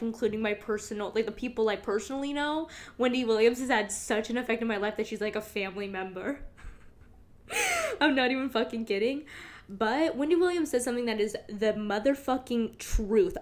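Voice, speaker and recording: A young woman with a fairly high, darkish voice hosts her own podcast in a casual solo monologue. She's chatty and rambling, swears freely, and laughs often.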